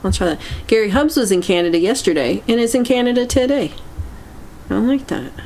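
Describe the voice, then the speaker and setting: A woman hosting a casual livestream chat, meandering and halting as she reacts to viewer comments. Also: on the high side, expressive, darkish tone, slight background noise. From United States. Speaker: livestream host.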